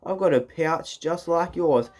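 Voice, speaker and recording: A soft, eager wallaby, read by a man. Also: on the high side, a little slow, slight background noise, natural voice. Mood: pleading. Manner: soft, pleading. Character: gentle, eager female wallaby.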